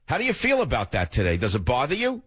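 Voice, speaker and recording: A man's voice: wildly swooping pitch, quick pace, husky. An older man hosting a talk radio show, emotional and emphatic, in a studio. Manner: emphatic, emotional, swings between loud and low. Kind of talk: political talk radio monologue. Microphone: studio microphone.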